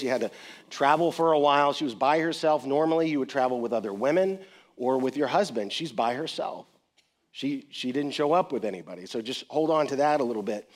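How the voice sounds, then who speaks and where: A man preaching a sermon in a conversational style, retelling a story with lively acted-out quotes. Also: fairly high pitch.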